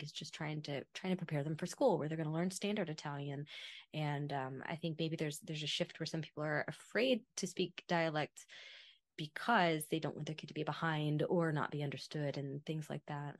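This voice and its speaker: Low-voiced woman host from Kentucky. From Kentucky, United States. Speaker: podcast host. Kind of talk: casual interview.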